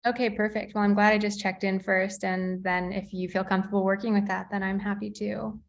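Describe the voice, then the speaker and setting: A woman facilitating a somatic workshop, guiding a participant with gentle, slow prompts and frequent fillers. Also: medium pitch, little pitch movement, creaky. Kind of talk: guided coaching session.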